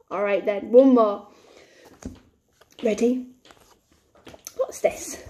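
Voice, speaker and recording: Slow-talking teacher lady doing phonics with little kids, mellow voice, lots of cheery praise. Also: fairly high pitch, steady tone. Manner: slow, encouraging, sing-song praise. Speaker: primary school teacher. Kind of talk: phonics lesson for young children.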